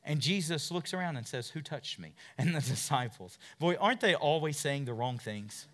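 A man preaching a sermon and retelling scripture stories, swinging from loud, urgent passages to hushed asides and asking his listeners question after question. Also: a little high, animated, moderate pace. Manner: asks the listeners many questions.

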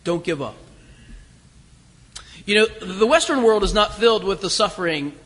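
A man with a high, bright voice preaching a sermon. He talks emphatically, repeating phrases for stress and slowing down to read scripture. His voice rings through a long hall reverb. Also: animated, husky.

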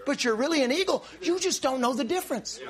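Male preacher, sermon delivery; high pitch, wide swings, emphatic shouted peaks. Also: quick pace. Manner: animated, repeats words, bursts into shouts.

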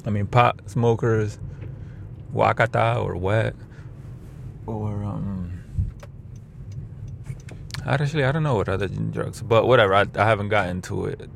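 A man telling a rambling, profane story from his car about his rideshare driving, switching into animated quoted voices. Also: fairly low pitch, creaky, a little hiss or hum. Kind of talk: casual storytelling.

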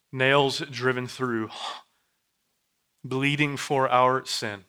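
Bright, clear-voiced preacher man. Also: mid-range voice. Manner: repetitive, building phrases, swings from hushed to loud. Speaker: pastor. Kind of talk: sermon. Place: church sanctuary.

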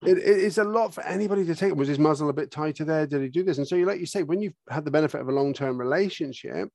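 A man with an animated manner, explaining horse behaviour as a guest on a podcast conversation. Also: a little high, racing, creaky, no room sound, studio quality. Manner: animated, acts out what horses and people would say.

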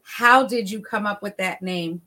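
A woman hosting an interview, with a bright, sharp tone and a voice of ordinary pitch. She responds to her guest with affirming, encouraging words. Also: measured pace. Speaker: host.

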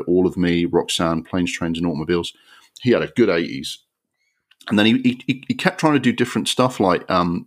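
A man hosting a podcast, giving an exasperated, sweary and sarcastic film review rant. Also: low-pitched. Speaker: podcast host.

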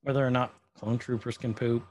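A man's voice: mid-range voice, little pitch movement, fairly quick, darkish tone. A man co-hosting a podcast, casually recapping an episode and joking around. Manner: joking, playful retelling with quoted voices. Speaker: podcast co-host.

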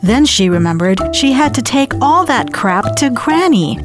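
A woman's voice: fairly high pitch, very animated, measured pace. Wry woman narrating a comic fairy tale. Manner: irreverent, wry asides. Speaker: podcast host and narrator. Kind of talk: comedic storytelling. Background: faint music.

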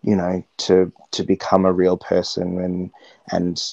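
A man talking earnestly as an interview guest, reflecting slowly with frequent restarts. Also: low-pitched, completely flat delivery, gravelly, warm tone, no echo, lo-fi sound. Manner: earnest, searching, many restarts. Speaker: interview guest, stage performer.

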